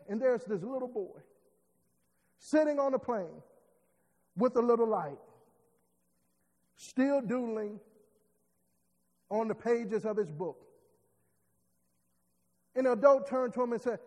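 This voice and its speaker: A man preaching a sermon in a rhythmic call-and-response style, building from quiet storytelling to shouted peaks. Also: very high voice, lively intonation, slow pace, pauses often. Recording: long hall reverb.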